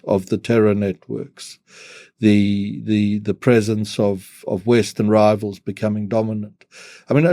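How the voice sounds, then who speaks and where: A man speaks as an interview guest, his voice mellow and dark. He talks in measured phrases, often restarting with repeated words. The recording is dry and close. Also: on the low side, no echo. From South Africa. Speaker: guest analyst. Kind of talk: podcast interview.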